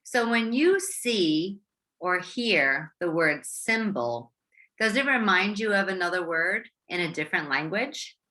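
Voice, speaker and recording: A woman teacher with an American accent giving a slow, encouraging phonics lesson to young students, stretching out sounds and syllables. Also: on the low side, animated, pushed and bright. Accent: American English. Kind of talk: slow, clear classroom instruction for young learners.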